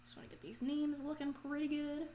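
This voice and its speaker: A woman live streaming as she paints a pumpkin, chatting casually to her viewers. She is self-mocking, swears freely and breaks into loud, frustrated outcries. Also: sits high, little pitch movement, a little fast, muffled recording, a little hiss or hum.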